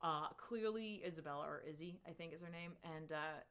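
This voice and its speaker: A woman's voice: brisk, smooth. Chatty woman podcast host. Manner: chatty, filler-heavy, lively swings in pitch. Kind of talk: casual chat recapping a comic.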